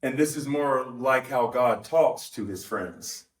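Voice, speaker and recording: A man's voice: medium pitch, slow pace. Fields: Sex: man. Role: pastor. Sound: echoey, distant. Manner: rambling, with asides and self-corrections. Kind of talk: conversational sermon. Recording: roomy, distant mic.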